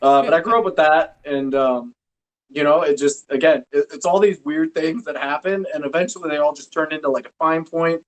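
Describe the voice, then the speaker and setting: A man's voice: a little high, a little fast, rough recording. Man, casual guest; rambling and self-deprecating. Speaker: podcast guest, cosplayer. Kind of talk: casual chat.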